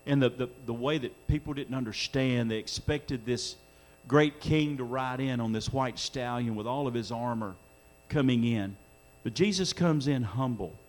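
A middle-aged man preaching a sermon in a church, earnest, his voice swelling when he quotes scripture. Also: mid-range voice. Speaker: pastor. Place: church sanctuary during a live-streamed service.

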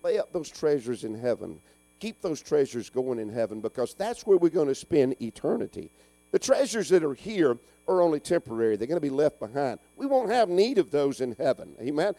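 A middle-aged man preaching a folksy call-and-response sermon, swinging between loud urging and hushed asides. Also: on the high side, very animated, a little fast, no echo. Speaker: pastor.

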